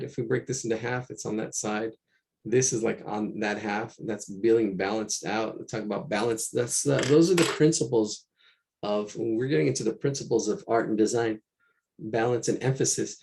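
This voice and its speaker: A man's voice: mid-range voice, creaky, a little mellow. A man teaching a live online drawing class, talking casually and repeating himself as he works through a painting on a shared screen. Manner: casual, rambling, repeats himself while working. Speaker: art teacher. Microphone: computer mic during a screen share.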